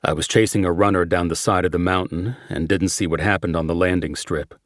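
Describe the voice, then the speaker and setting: A calm, terse sheriff's deputy, read by a male narrator in a very deep voice. His lines are short and measured, recorded dry and close. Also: dry recording, lightly acted.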